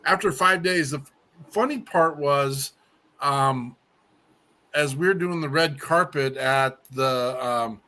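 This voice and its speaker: A man's voice: on the high side, takes it slowly, sharp tone. A musician guest, a man, chatting casually on a podcast and telling a story with stutters, restarts and filler words.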